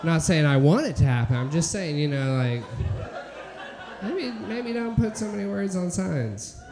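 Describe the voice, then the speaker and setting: A man's voice: a little high, expressive, a little slow, crowd noise. A man doing stand-up in a hesitant, hedging way, talking around his point. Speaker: stand-up comedian. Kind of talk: stand-up set. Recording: echoey club, heard from off-mic.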